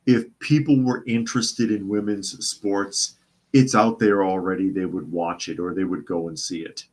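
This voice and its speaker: A man's voice: low-pitched, fairly even intonation, normal speed. A man hosting a casual news commentary show, sarcastic and often repeating his phrases for emphasis. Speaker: host.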